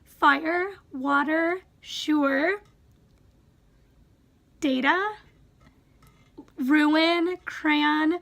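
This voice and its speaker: A young woman with a Wisconsin accent reads quiz questions and word lists in a casual, chatty way. Her voice sits high, and she often stops to wonder aloud whether she says a word right. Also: measured pace, fairly bright tone. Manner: reads a word list, musing aloud and second-guessing her pronunciations. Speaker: vlogger. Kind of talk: casual accent tag reading.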